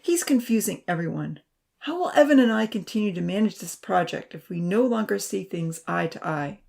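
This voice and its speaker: A woman's voice: medium pitch, expressive, normal speed, gravelly, a little mellow. A woman voicing a skeptical, grumbling male professor who is sarcastic in a storybook reading.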